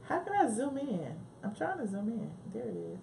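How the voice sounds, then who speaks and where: A woman's voice: on the high side, gravelly, a little mellow, slight background noise. A woman with a Southern US accent hosting a casual live stream from her home office, chatting, laughing often and talking back to her live chat. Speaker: livestream host.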